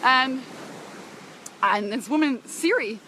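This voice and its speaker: Effusive high-voiced woman vlogging outdoors. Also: expressive, slow pace, pushed and bright, a little hiss or hum. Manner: effusive and emotional, laughs and sighs often, greets viewers by name. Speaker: business coach broadcasting live to followers. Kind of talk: casual live-stream chat. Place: outdoors on a beach walk.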